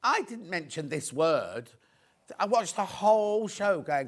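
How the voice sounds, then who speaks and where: A middle-aged man presenting on live shopping TV, with a voice that sits fairly high for a man. He swings his pitch up and down a great deal. He is chatty and jokey and tends to wander off into stories. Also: big pitch swings, a little slow. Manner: chatty, jokey, rambling into anecdotes.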